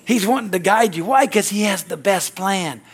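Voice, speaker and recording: A man with a high-pitched voice preaches a sermon with fervent energy. He peppers his lines with amen and hallelujah and breaks into quick acted-out dialogues. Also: breathy edge. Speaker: pastor.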